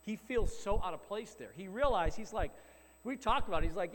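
Brief: middle-aged male pastor, fairly high voice, chatty animated sermon, long church reverb, faint hum. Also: a little fast. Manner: conversational storytelling, animated. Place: church hall.

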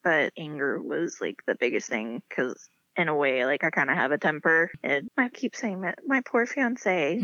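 A woman's voice: deep voice, expressive, normal speed, few pauses, fairly bright tone, no room sound. A young woman chatting as an interview guest, full of filler "like", acting out quoted conversations with others. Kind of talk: casual chat. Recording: slightly dull lo-fi sound.

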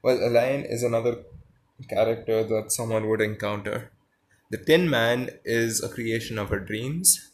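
A man reading a story aloud and pausing to muse on it, thinking aloud and correcting himself. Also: medium pitch. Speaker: reader and commentator.

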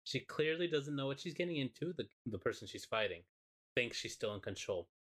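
A man, a podcast co-host, excitedly and profanely retelling a show in casual chat. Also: mid-range voice, brisk.

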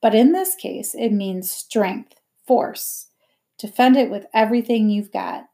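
A woman reading aloud, voicing a wry, kindly grown woman who teases gently. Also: mid-range voice, a little slow, close to an everyday voice.

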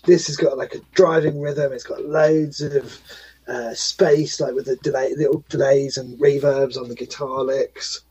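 A man's voice: mid-range voice, flat delivery, measured pace, a little mellow, husky, rough recording. A man chatting on air as co-host, enthusiastically reviewing a song. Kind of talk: casual chat.

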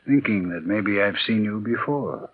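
A man's voice: on the low side, lively intonation, a little slow, husky, exaggerated voice. An eerie, terse signalman. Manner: terse, quiet and strange. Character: taciturn, eerie railway signalman. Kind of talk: 1940s radio acting. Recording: tinny old radio broadcast.

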